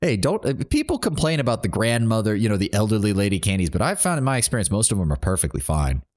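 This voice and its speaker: A man's voice: on the low side, big pitch swings, fast talker, a little mellow. A man streaming a role-playing game, chatting casually and reading game dialogue aloud.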